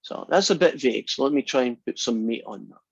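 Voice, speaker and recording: A Scottish man lecturing a math class in a chatty, joking way, with ums and pauses. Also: mid-range voice, expressive, creaky, breathy edge, no echo, lo-fi sound. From Scotland. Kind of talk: university lecture.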